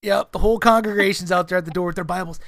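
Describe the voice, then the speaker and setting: A man co-hosting a podcast, telling stories in a casual, animated way, swearing freely and acting out what people said. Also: high-pitched, very fast, creaky, a crowd in the background. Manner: animated storyteller, swears freely, acts out quotes. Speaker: podcast co-host. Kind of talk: casual storytelling chat.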